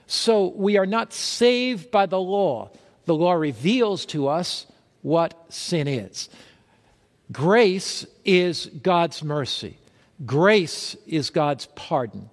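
A man's voice: a little high, long reverb tail. A man preaching a sermon, emphatic, asking his listeners questions and answering them himself. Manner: emphatic, asks the crowd questions then answers.

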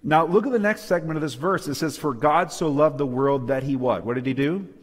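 A male preacher delivers a sermon in a voice pitched a touch high. He presses his points emphatically and calls for amens. Long reverb from the hall trails every phrase. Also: brisk. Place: church hall with a live and online audience.

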